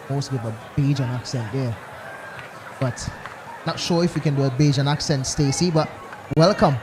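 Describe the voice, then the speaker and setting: A man's voice: mid-range voice, moderate pace, long pauses. A man commentating live on a cricket match, chatty and bantering with his partner. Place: outdoor cricket ground. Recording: loud crowd and outdoor noise.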